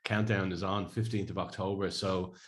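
An Irish man in his thirties co-hosts a podcast, chatting casually and spinning rambling stories while laughing often. His voice is low with little pitch movement, and he speaks at a moderate pace.

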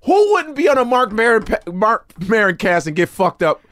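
Animated, profane male comedian. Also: sits high, normal speed. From Chicago, USA. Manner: animated, profane, loud laughs, imitates others. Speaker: comedian guest. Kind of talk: casual podcast banter.

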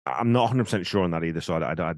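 A man's voice: deep voice, lively intonation, very fast, dry recording. A man co-hosting a podcast, blunt and sweary with a dry sense of humour. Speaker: podcast co-host. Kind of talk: casual chat.

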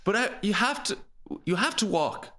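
A man's voice: high-pitched, normal speed. Man telling a funny story, acting out scenes. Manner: animated storyteller, acts out scenes. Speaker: podcast co-host. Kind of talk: casual comedic storytelling.

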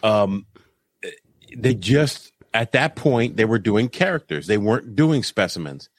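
A man's voice: lowish voice, lively intonation, unhurried, dry recording, studio quality. A man who used to wrestle professionally, chatting on a podcast, telling stories with frequent laughs and stammered restarts. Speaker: former pro wrestler. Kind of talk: casual podcast chat.

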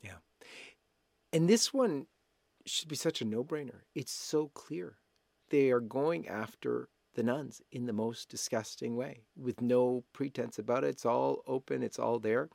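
A man's voice: mid-range voice, unhurried, gravelly, darkish tone, no room sound. A man hosting a talk show, speaking in an emphatic, urging way. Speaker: host.

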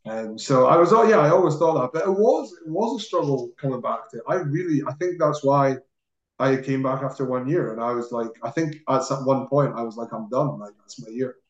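A man's voice: medium pitch, brisk. Man chatting in a roomy, dull recording. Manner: relaxed, rambling, laughs often. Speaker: podcast guest. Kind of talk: casual chat.

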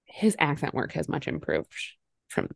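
A woman's voice: deep voice, wildly swooping pitch, normal speed, gravelly, no echo, clean studio sound. A woman in her thirties co-hosting a podcast, chatting casually and sarcastically about a movie, slipping into voices for quotes. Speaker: podcast co-host. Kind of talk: casual movie-review chat.

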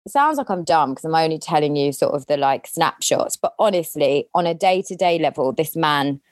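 A woman as a podcast guest, candidly telling a personal story in an animated way, acting out the lines she quotes. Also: low-pitched, moderate pace, no room sound.

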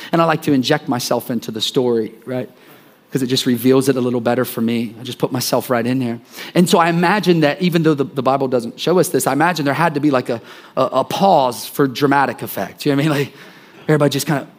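A man's voice: medium pitch, quick pace. A man preaching a sermon in a conversational way, often repeating words and checking in with the listeners. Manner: conversational, repeats phrases, acts out scenes.

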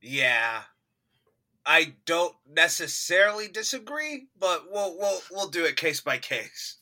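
Brief: lively podcast co-host, man, very bright and somewhat high, jumps around in pitch. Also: takes it slowly. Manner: animated, laughs often, mimics actors with loud outbursts. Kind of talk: casual movie review chat.

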